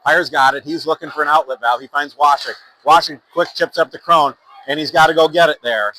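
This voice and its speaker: A man's voice: mid-range voice, sharp tone, a little hiss or hum, low-quality recording. A man calling youth hockey play-by-play in a casual, rambling way, with fillers, self-corrections and sponsor plugs. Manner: reads sponsor plugs between plays. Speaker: play-by-play announcer. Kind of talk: amateur youth hockey commentary.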